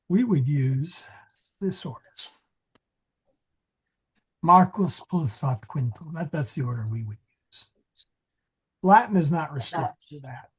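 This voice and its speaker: A man teaching a Latin grammar class, talking in a digressive way and often correcting himself. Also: a little high. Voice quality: very husky. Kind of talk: classroom lesson. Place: church meeting room.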